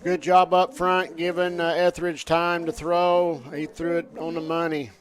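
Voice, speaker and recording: A man giving color commentary at a high school football game, folksy and coach-like in his analysis. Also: little pitch movement, moderate pace.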